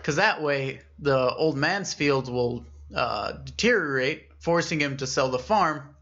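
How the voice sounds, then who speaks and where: A young man co-hosting a podcast, casually retelling a scary story and voicing its characters with lively shifts in pitch. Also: measured pace, lo-fi sound. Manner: animated storyteller, acts out characters with raised pitch. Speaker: podcast co-host.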